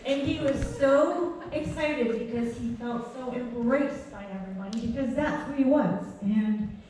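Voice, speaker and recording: A woman's voice: a little high, measured pace, darkish tone. A woman giving an informal, heartfelt eulogy at a dance community gathering, telling stories and laughing as she goes. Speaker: speaker at a memorial tribute. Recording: echoey hall from far off, faint background noise.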